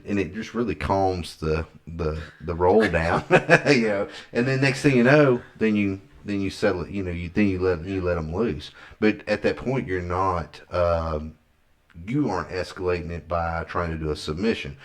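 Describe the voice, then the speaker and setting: A man with a very low voice talks through his approach to training in a loose, easygoing chat. He rambles a little, peppering his sentences with "you know". It sounds like an unscripted podcast conversation. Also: normal speed. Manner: laid-back, rambling, frequent "you know". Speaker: jiu-jitsu instructor.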